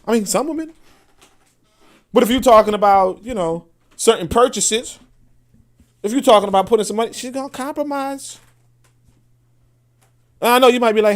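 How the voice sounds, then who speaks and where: Man in the host seat of a talk podcast, slightly higher voice, loose and animated, checks in with listeners often. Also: a little fast, long pauses. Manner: animated and conversational, with frequent restarts; laughs and asks listeners for agreement. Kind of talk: casual monologue.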